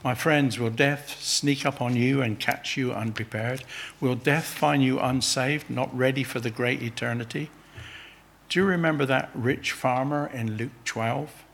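A man's voice: mid-range voice, fairly even intonation, unhurried, gravelly, a bit bright, husky. A man preaching a sermon, earnestly pressing his listeners with urgent questions.

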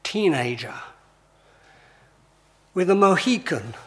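High-voiced preacher, conversational. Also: male voice, very animated, slow pace. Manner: conversational, rhetorical questions, emphatic lists. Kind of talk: sermon.

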